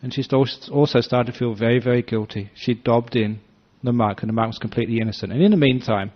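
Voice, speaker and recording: An older man, a Buddhist monk, giving a dharma talk that is full of storytelling, acting out voices with gentle humor. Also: mid-range voice, quick pace. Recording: slightly dull lo-fi recording.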